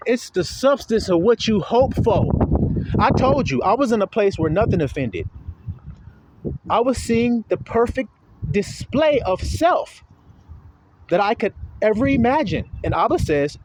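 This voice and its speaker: A man's voice: high-pitched, big pitch swings, measured pace, background noise. A man preaching an informal sermon, folksy and profane, talking straight to his listeners.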